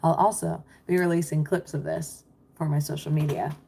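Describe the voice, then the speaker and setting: Low-voiced woman coaching on a livestream. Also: fairly even intonation, normal speed, vocal fry, slightly rough. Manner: warm, reassuring, chatty, reads chat aloud. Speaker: mindset business coach.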